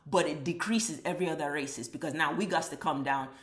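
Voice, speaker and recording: Female vlogger, low register, emphatic and profane monologue, roomy echo. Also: fairly quick. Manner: blunt, profane, emphatic ranting. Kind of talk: impassioned opinion monologue. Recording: echoey room.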